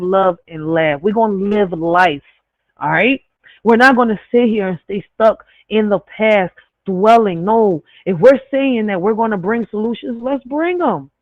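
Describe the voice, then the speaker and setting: A woman's voice: medium pitch, dry recording. A woman with an accent hosting her channel, talking casually to viewers, swearing freely and stumbling over and correcting words. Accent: speaks with an accent. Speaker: channel host. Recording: tinny phone-like dry recording.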